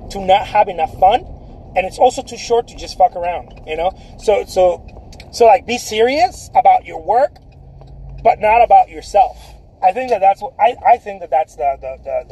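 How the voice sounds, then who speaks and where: A man's voice: high-pitched, darkish tone, a little hiss or hum. A man, a painter who runs an art studio, chatting casually to viewers in a rambling, laid-back way, tossing in swears and calling them man and dude. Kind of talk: casual live video chat. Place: grocery store.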